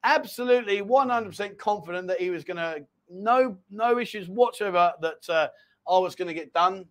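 A middle-aged man hosting a casual live chat show, talking in a rambling, animated storytelling way. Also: sits high, normal speed. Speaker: livestream host.

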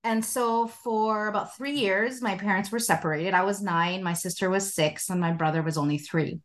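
A woman in her forties, a spiritual life coach, telling a personal story in a casual interview with animated, expressive delivery and frequent laughter. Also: mid-range voice, normal speed.

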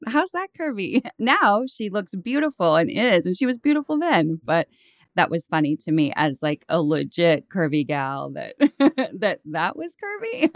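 A woman's voice: fairly low pitch, very animated, unhurried, no echo. Chatty middle-aged woman guest. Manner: chatty, fillers, laughs often. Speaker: podcast guest, author. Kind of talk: casual interview chat.

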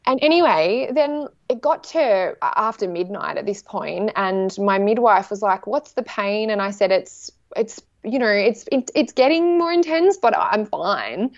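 A woman in her thirties chatting casually, telling a story with lively acted-out quotes. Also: medium pitch, unhurried, few pauses, dry recording. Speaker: guest sharing a birth story. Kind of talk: casual chat. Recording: dry, slightly dull sound.

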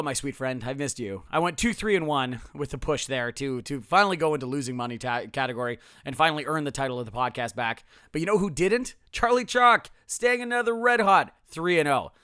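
A man's voice: on the high side, pushed and bright, clean tone, no echo, studio quality. A man hosting a casual solo sports podcast, sarcastic and self-mocking, his voice a bit strained. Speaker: podcast host.

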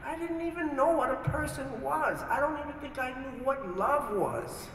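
High-voiced man telling his story, roomy. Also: normal speed, fairly bright tone, slight background noise. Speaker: testimony speaker in a played video. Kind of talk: personal testimony storytelling. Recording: video played in an echoey hall, heard from far off.

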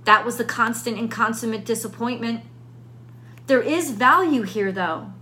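A woman's voice: a little high, moderate pace, background noise. A woman reading tarot cards in a casual, unscripted way, thinking aloud and often repeating her questions. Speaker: tarot reader.

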